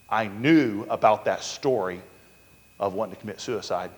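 Male pastor preaching, storytelling, goes loud then real quiet, long church reverb. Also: on the low side, normal speed. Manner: storytelling, swings from loud urgency to hushed near-whisper. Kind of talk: sermon.

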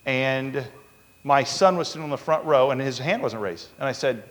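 A man's voice: medium pitch, moderate pace, big-room sound. A man preaching a sermon as pastor, telling stories and acting out the people he quotes. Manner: storytelling, acting out quotes in a raised voice.

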